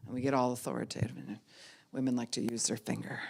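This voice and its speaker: Woman pastor, low voice, middle-aged, animated sermon, acts out quoted voices. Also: fast, vocal fry.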